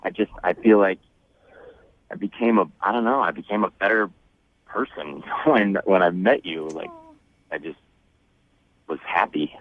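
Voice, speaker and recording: Nervous guy stumbling over his words, lowish voice, muffled phone sound. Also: dry recording. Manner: halting, stammering, earnest. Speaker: caller. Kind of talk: nervous on-air phone call.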